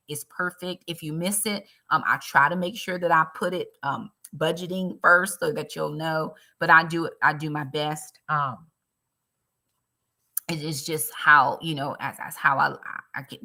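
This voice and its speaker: Woman live-streamer, lowish voice with a sharp, bright edge, earnest and personal with her viewers. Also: fairly even intonation, normal speed. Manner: earnest, talks straight to viewers; emotional about her faith. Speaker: budgeting live-streamer and ministry leader.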